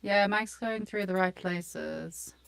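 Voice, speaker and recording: A woman's voice: mid-range voice, slow, vocal fry, fairly bright tone, smooth. Chatty South African woman streaming. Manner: joking, self-mocking, chatty. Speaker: co-host of a live portfolio review stream. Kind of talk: casual live-stream chat. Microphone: desk mic on a live stream.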